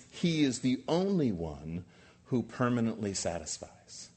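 A man's voice: medium pitch, very animated, a little slow, a little mellow, husky. A man in his sixties, a pastor preaching an earnest sermon and building emphasis through repeated phrases.

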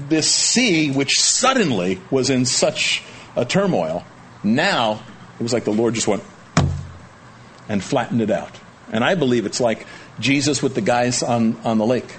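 A man preaching a conversational sermon, teaching verse by verse and jumping up in pitch to voice quotes. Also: a little hiss or hum. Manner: animated, conversational, jumps to high pitch for quotes. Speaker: pastor. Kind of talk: sermon, expository Bible teaching.

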